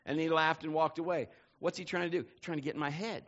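A male pastor preaching a sermon, telling stories with lively energy and building to shouts. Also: fairly high pitch, fast, dull audio. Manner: animated storytelling, building to shouts.

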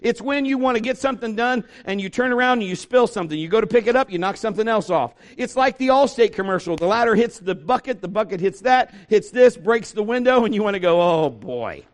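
High-voiced folksy pastor telling a story. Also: male voice, fast, hardly any pauses. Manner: folksy and humorous, acts out voices. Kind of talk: storytelling sermon.

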